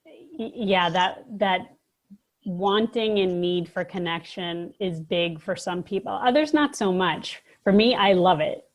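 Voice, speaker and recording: A woman's voice: on the low side, slow pace. A woman on a podcast as a guest, talking in a casual, reflective and agreeable way. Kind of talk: casual conversation.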